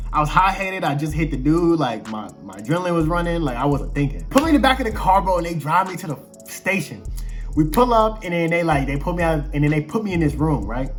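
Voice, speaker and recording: A young adult man casually telling a personal story, slangy and animated, acting out quoted exchanges as he goes. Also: on the high side.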